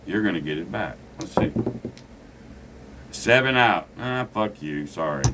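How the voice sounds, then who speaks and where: Man, very low voice, blunt gambling teacher, faint noise behind. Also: lively intonation, a little slow. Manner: blunt, preachy, swears freely. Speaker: gambling instructor. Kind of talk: casual craps lesson at a table.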